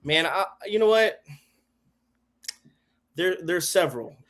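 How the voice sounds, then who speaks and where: A man guesting on a podcast, chatting casually and telling animated stories that act out what other people said. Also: high voice, slow. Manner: animated storyteller, acts out quoted people. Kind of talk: casual chat. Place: home garage studio.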